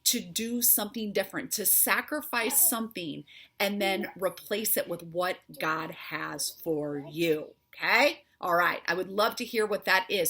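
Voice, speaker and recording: A woman's voice: on the low side, bright, forceful tone, slightly rough. A woman who is a faith-based health coach gives a motivational talk, speaking earnestly and directly to her viewers. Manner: earnest, encouraging, speaks straight to the listener.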